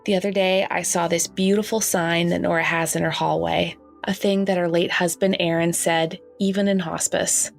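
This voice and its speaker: A woman podcast host with a Canadian accent, reading a gentle, wry scripted introduction from a makeshift home setup. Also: fairly low pitch, flat delivery, moderate pace, vocal fry, few pauses, soft background music. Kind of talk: scripted narration.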